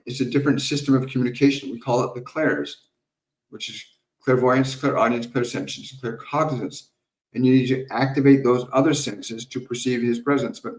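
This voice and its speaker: Male medium hosting a live stream Q&A, calm and unhurried, repeats his points, sounds roomy and set back from the mic. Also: mid-range voice, distant mic. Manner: calm, slow, repetitive teaching with soft laughs. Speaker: spiritual medium answering viewer questions. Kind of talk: live Q&A stream with guided meditation.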